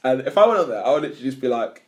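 A man's voice: mid-range voice, very fast. A young man, co-hosting a casual podcast chat, rambling and swearing as he tells stories. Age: young adult. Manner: rambling, swears, animated storytelling. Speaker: podcast co-host.

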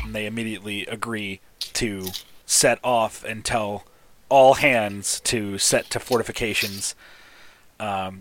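Man narrating as game master, low-pitched. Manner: relaxed narration with fillers.

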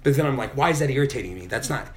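A man's voice: mid-range voice, expressive, racing. A middle-aged man telling a personal story in a casual podcast chat, candid and full of swearing. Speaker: podcast guest.

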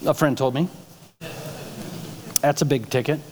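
A man's voice: medium pitch, steady tone, measured pace, darkish tone, long reverb tail, slight background noise. A male pastor preaching a sermon in a conversational way, asking the congregation rhetorical questions. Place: church sanctuary.

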